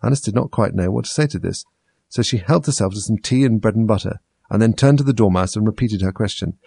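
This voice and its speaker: Man, husky, gravelly, measured storybook narration. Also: fairly low pitch, dark tone, no room sound. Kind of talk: storybook reading.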